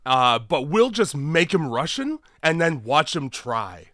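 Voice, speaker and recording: Bright, sarcastic podcast co-host. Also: male voice, fairly high pitch, big pitch swings, measured pace, no room sound, studio quality. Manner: sarcastic, blunt, swears freely. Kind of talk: casual chat.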